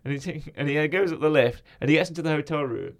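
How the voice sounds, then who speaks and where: Guy rambling about a movie, laughs a lot, highish voice. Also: quick pace. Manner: laughs often, acts out quotes in a put-on accent. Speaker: podcast co-host. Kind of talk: casual chat, retelling film scenes.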